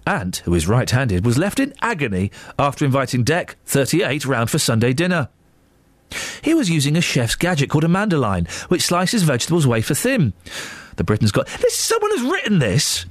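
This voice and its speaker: A man's voice: a little high, huge pitch swings, normal speed, dry recording. A man presenting a radio show in a studio, reading aloud and joking playfully with his co-hosts. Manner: playful, reads aloud mockingly. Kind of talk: joking breakfast radio chat. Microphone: studio microphone.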